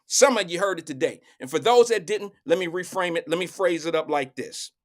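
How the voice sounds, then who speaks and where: Man, middle-aged, live talk show host, animated, preachy, colloquial, somewhat high voice. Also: brisk.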